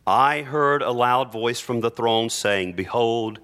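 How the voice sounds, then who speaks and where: A male pastor preaching earnestly in church, reading scripture aloud with slow, emphatic phrases. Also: medium pitch, a bit bright, clear, resonant tone. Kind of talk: sermon.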